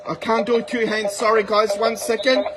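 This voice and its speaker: Hosting a live shopping stream at an outdoor warehouse sale, a man with a high-sitting voice and flat delivery fires off prices and talks with his viewers. A loud crowd surrounds him, and the phone recording is noisy with wind.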